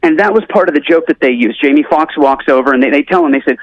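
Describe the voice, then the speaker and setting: A man telling an animated story as a guest on a talk show, acting out the people he quotes. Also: a little high, rapid-fire, few pauses, no room sound, dull audio. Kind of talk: casual storytelling.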